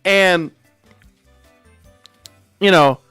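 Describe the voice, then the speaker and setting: A man's voice: high voice, extremely slow, bright, forceful tone, clean tone, no room sound, faint music behind. A man hosting a livestream, telling a story in a wry, profane, casual way. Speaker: livestream host.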